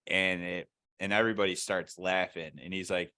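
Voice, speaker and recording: Bright-voiced man retelling scenes, swearing. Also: sits low, flat delivery, moderate pace, smooth. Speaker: podcast co-host. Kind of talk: casual chat.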